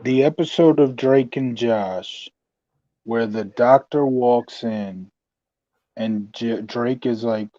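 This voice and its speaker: A man with a warm, mellow voice chats in a relaxed way, mostly with short replies and a few hesitant fillers. His mic sounds dull and lo-fi, in a dry, close space. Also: medium pitch, slow pace, dry recording. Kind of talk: casual chat.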